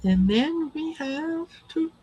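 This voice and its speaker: A woman's voice: high-pitched, expressive, slow pace, warm tone, muffled recording. A woman hosting a live tarot reading stream, chatting casually and calling out viewers by name. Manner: friendly, calls out viewer names.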